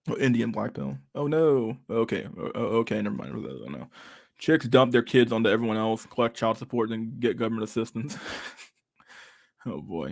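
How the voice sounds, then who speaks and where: A man's voice: fairly low pitch, gravelly. A man in casual chat, reading messages aloud, swearing a lot and laughing often.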